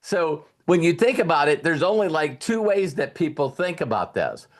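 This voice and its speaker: A man's voice: fairly high pitch, sing-song, moderate pace. Casual male motivational speaker. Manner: casual, repeats words, retells conversations. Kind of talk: motivational talk with storytelling.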